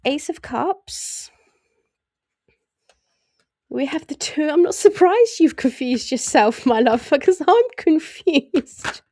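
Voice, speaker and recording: A woman talks through a tarot spread in a loose, chatty way, with a slightly high voice. She often laughs and slips into little voices to act out what she senses. The sound is dry and close, with no room behind it. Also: darkish tone, no room sound. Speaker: tarot reader. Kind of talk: casual tarot reading.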